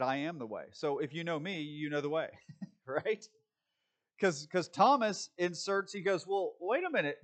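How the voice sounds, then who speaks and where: A man preaching a sermon in a conversational, animated way, often acting out voices and restarting his sentences. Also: fairly high pitch.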